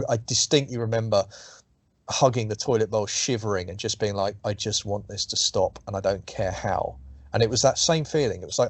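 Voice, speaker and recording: A man's voice: fairly low pitch, dry recording. A middle-aged man talking about his writing in a casual interview, rambling, swearing and restarting his sentences. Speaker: author being interviewed.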